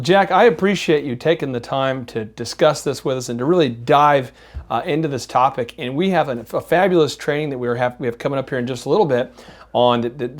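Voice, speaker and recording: A man hosting a business show, thanking his guest and tripping over his words. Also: medium pitch. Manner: grateful, stumbling over words. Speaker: host. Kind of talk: casual chat.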